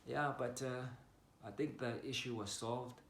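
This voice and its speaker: A young man tells a personal story in a casual, animated way, jumping between loud bursts and quiet mutters. His voice sits in an ordinary middle pitch. The recording carries a roomy echo. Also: a little slow, slight background noise. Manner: animated, swings from loud outbursts to low mutters, swears freely.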